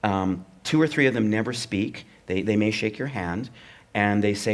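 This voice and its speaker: Middle-aged male comedy writer, dry anecdotal delivery, mimics other voices, low-middle register. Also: moderate pace. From Canada. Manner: wry, anecdotal, acts out the voices of network executives. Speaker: comedy writer and performer, guest. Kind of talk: live onstage conversation, storytelling.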